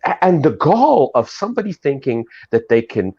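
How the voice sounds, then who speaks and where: A man's voice: a little high, big pitch swings, moderate pace, husky, dry recording, highs cut off. A man hosting a casual video call chat, ranting with sarcasm and mocking voices. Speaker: host.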